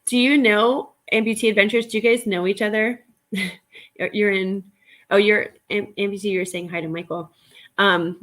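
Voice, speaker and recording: A woman runs a relaxed live stream as she works, greeting viewers by name in a chatty, excitable way with frequent laughter. She speaks at a medium pitch, rambling and restarting as she goes.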